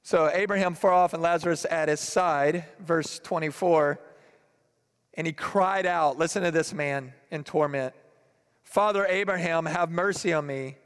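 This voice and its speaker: A man preaching a sermon and reading scripture aloud, moving between hushed, grave passages and fervent, emphatic ones. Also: fairly high pitch, clear, resonant tone. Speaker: pastor. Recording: long hall reverb.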